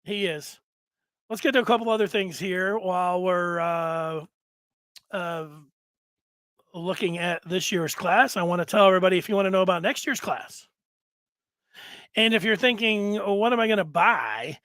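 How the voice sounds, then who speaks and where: Guy hosting a sports show, pretty high voice, chatty, acts out quotes, lots of uhs, dry sound. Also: moderate pace, pauses often, clean tone, no echo. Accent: Michigan. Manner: animated storytelling, acts out quotes, frequent fillers. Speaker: sports talk host. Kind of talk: casual sports talk on video.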